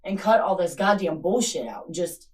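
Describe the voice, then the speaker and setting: A woman's voice: fairly low pitch, expressive, normal speed. A woman, a mother of a missing child, pleading and angry, swearing as she confronts someone in an interrogation room. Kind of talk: emotional confrontation. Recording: distant surveillance camera, faint noise.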